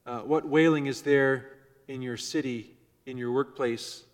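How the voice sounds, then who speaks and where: Male pastor, mid pitch, sermon delivery; measured, soft-to-loud swings; church hall with long reverb. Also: fairly even intonation. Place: church before a congregation.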